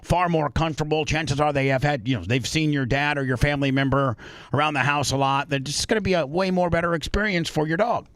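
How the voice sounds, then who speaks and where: A man's voice: fairly high pitch, fast, fairly bright tone, no echo. Man hosting a talk show, dry sound. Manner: retelling a news story with frequent repeats and restarts. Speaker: radio show host. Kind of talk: casual talk-show chat.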